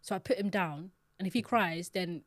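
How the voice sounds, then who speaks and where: Animated woman, dry close sound. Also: on the low side, moderate pace, no echo. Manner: animated, slangy storytelling with mimicked shouts. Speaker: podcast co-host, mother. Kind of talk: casual chat.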